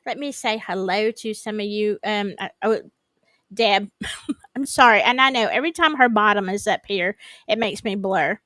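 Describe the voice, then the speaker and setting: A woman's voice: medium pitch, normal speed, a bit bright, no echo. A woman with a Southern accent hosting a casual true-crime livestream, rambling and greeting her viewers by name.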